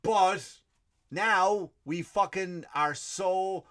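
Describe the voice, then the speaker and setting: An Irish man hosting a comedy podcast, delivering a profane, animated rant in a stand-up style. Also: sits high, drawn-out words. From Ireland.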